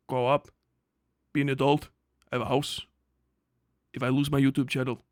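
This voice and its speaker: A man's voice: medium pitch, monotone, moderate pace, long pauses, dry recording, clean studio sound. A man streaming live, ranting bluntly and profanely in a heated reaction.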